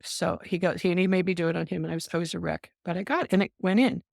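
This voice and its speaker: An older woman, a nurse, telling stories in an interview. She is an animated storyteller who acts out the voices she quotes and often says "um". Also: fairly low pitch, racing, creaky, no room sound, studio quality. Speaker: nurse guest.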